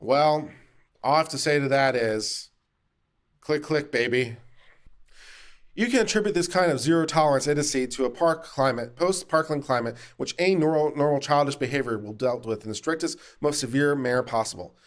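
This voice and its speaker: A man's voice: medium pitch, a little fast. A man hosting a legal commentary show, reading a news article aloud and adding dry, sarcastic remarks along the way.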